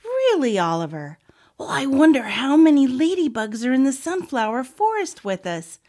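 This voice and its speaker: A woman's voice: high-pitched, sing-song, moderate pace, a little mellow, voice pushed up. A woman voicing a cheerful little girl mouse who teases her brother in a sing-song way. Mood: cheerful teasing.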